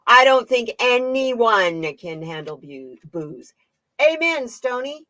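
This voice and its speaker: A woman's voice: a little high, very animated, slow, pushed and bright, dry recording. A woman hosting a casual live-stream tarot reading, chatting with her viewers, laughing often and reading their comments aloud. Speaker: tarot reader and channel host.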